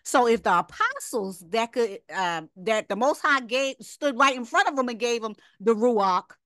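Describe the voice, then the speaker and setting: In a fairly high, expressive voice that sounds pushed and bright, a woman teaches an informal Bible lesson at a moderate pace. She's emphatic and conversational, drops casual asides, and recasts her points as rhetorical questions, in a dry studio-quality recording.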